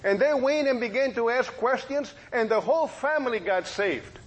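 A middle-aged man, a preacher and police officer, telling a testimony in a sermon as a folksy story with lively quoted dialogue. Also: very high voice, normal speed, muffled recording, slight background noise.

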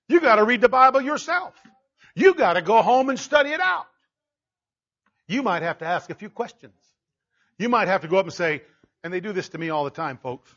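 A man preaching a conversational sermon, animated, slipping into little voices to quote people. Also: sits high, lo-fi sound. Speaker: pastor.

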